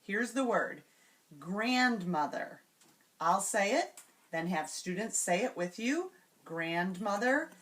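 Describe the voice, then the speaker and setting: A woman demonstrating classroom reading routines, sounding out words patiently and slowly. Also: medium pitch, animated, fairly bright tone. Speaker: teacher trainer. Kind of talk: instructional demonstration.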